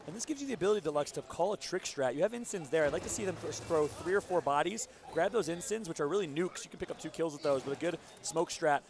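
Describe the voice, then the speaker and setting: A man commentating a live esports match, his voice worn hoarse from cheering with the crowd, talking through plays with excited analysis. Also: a little high, fast talker, few pauses, noisy background. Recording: loud crowd behind the voice.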